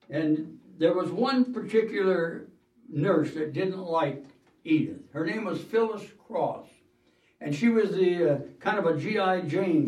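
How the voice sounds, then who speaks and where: A man preaching a sermon, telling a story in an earnest, measured way with "uh" fillers and the odd throat-clearing. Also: on the high side, a little mellow. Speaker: pastor. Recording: roomy hall, mic at a distance.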